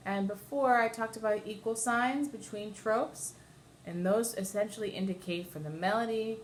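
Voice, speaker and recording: In a mid-range voice at a moderate pace, with a little hiss or hum, a woman cantor teaches Torah chanting from home as a dishwasher runs. Her online lesson goes step by step, with trope names sung in brief phrases.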